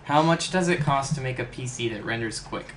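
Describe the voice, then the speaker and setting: A man's voice: mid-range voice, fairly quick, a bit bright. A man helping on a live stream, reading viewer questions aloud and dropping dry jokes. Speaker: co-host reading chat. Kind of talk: casual live stream chat. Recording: echoey room with background noise.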